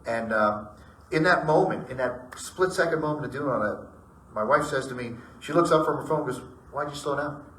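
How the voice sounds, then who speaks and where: A middle-aged man spins rambling ghost stories for a group, bringing each remembered exchange to life as he goes. His voice comes across bright and forceful. He is picked up from some distance in an echoey room, with a faint hum of ambience behind him. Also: medium pitch, a little fast. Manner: rambling, animated retelling with acted-out dialogue. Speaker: storyteller. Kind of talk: casual personal ghost story told to a group.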